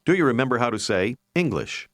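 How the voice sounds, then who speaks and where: A man narrating a recorded language course, giving clear, measured instructions and prompts to repeat. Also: mid-range voice, very animated, a bit bright, no echo, clean studio sound. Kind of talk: scripted language-lesson instruction.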